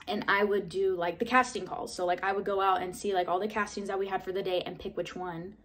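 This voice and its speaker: A young woman in her twenties telling a casual vlog story, chatty, full of "like" and mild swearing, jumping into excited high bursts when she replays her own reactions. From Southern California. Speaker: vlogger.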